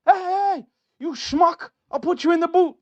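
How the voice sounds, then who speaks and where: A man putting on a mock Italian accent to play a hot-headed older mafia boss, threatening and shouty. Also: extremely high pitch, normal speed, lo-fi sound, voice pushed up. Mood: menacing. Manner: threatening, shouty street swagger.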